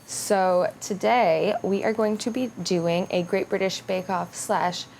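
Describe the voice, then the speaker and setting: A woman's voice: medium pitch, creaky, a little hiss or hum. Rambling, self-mocking woman vlogger. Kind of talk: casual chat to camera. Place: home bakery tent.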